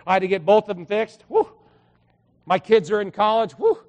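A middle-aged man preaching a sermon in a church, swinging between loud, fervent bursts and quiet, confiding asides. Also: high voice, lively intonation, normal speed, lo-fi sound. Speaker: pastor. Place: church sanctuary. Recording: echoey church hall.

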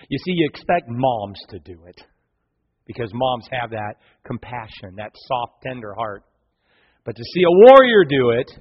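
A male pastor preaching a sermon, telling a story with passion and big swings from loud to quiet. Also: mid-range voice, breathy edge. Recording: long hall reverb, dull lo-fi sound.

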